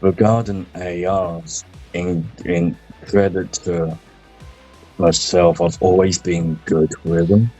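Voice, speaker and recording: A man chatting casually about a game, relaxed and swearing freely. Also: low-pitched, takes it slowly. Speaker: gaming podcast host. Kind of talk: casual chat. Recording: muffled lo-fi sound, faint music.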